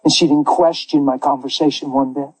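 A man preaching as a pastor, telling a story with lively acted-out quotes and frequent laughter. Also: medium pitch, fairly quick, breathy edge, poor audio. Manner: animated, laughs often, acts out quoted voices. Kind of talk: sermon storytelling.

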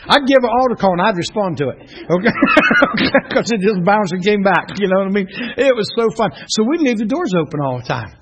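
A middle-aged man, a pastor teaching a class in a church room, telling stories in an animated way and often laughing. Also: high voice, fairly quick, heavy background noise. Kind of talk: preaching to a class. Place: church classroom, streamed online.

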